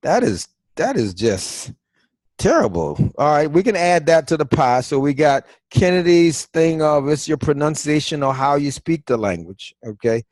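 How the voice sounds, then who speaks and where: A man's voice: a little high, expressive, moderate pace, a little mellow, no echo. Man teaching over a dry call. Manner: quizzing, coaxing, conversational. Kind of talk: interactive online class.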